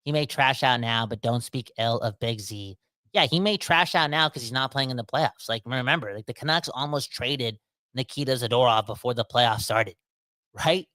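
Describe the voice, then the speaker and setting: A man hosting a casual sports podcast, talking in a rambling, animated way that keeps interrupting itself. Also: mid-range voice, moderate pace, dry recording. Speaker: podcast host.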